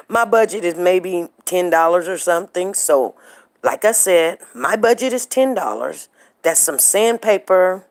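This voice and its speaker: Chatty low-voiced woman host. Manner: chatty, storytelling, addresses viewers directly. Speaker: live show host. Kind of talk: casual chat to viewers.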